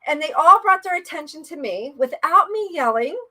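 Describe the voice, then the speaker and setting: A woman's voice: sits high, animated, moderate pace, bright, forceful tone. A woman life coach leading a live-streamed coaching session, playful and encouraging in a chatty way.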